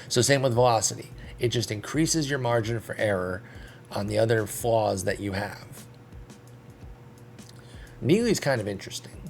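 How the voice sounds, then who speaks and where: A man's voice: lowish voice, creaky, a little hiss or hum. A man casually commenting on a baseball management game, thinking aloud in a chatty, self-deprecating way. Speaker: video game streamer.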